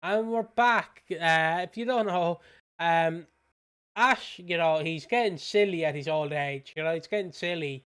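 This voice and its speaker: A British man talks casually on a podcast and rambles through his recap with plenty of fillers. His voice sits a touch high and sounds clean and resonant. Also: a little slow, a bit bright, clean tone. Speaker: podcast co-host. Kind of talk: casual chat recapping a soap.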